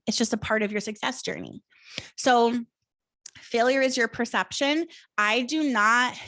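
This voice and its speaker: A woman's voice: fairly high pitch, a bit bright, no echo. A woman in her thirties hosting a live coaching talk, casual and encouraging, with many fillers. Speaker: host.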